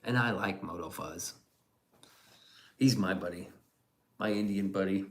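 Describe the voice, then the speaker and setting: A man's voice: deep voice, a little slow, slight background noise. A man streaming casually and reacting to chat, rambling and profane with chuckling asides.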